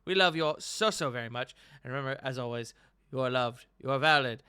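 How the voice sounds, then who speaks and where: A man's voice: mid-range voice, fast, pushed and bright, clear, resonant tone, no echo, clean studio sound. A man hosting and running a tabletop game, giving joking, upbeat sign-offs at the end of a stream. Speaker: game master and host. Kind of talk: casual stream outro.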